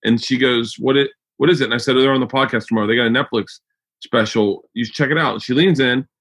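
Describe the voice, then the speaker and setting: A man's voice: medium pitch, steady tone, fast talker, a bit bright. An American man hosting a podcast, talking in a rambling, profane way with lots of restarts. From United States. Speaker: podcast host. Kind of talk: casual chat.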